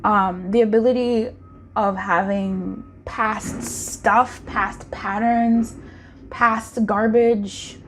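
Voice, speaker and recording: A woman giving a casual pick-a-card tarot reading, chatty and intimate, with sing-song crooning calls and slow, stretched-out emphasis. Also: medium pitch, fairly even intonation, fairly bright tone, soft background music.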